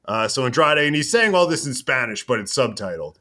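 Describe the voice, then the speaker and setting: On his casual podcast, a male host with a medium-pitched voice that sounds bright and forceful walks through a wrestling show. His recap is lively and story-driven, dotted with brief tangents.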